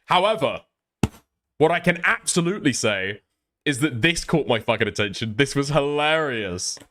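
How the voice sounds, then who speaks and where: A man's voice: medium pitch, lively intonation, normal speed, pushed and bright, slight background noise. A man doing casual reaction commentary on a stream, chatty and profane, often laughing as he talks.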